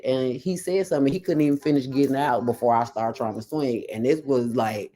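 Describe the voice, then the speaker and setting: A woman's voice: a bass voice, brisk. Blunt, profane woman telling her story. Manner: animated, acts out quoted lines. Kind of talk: casual chat.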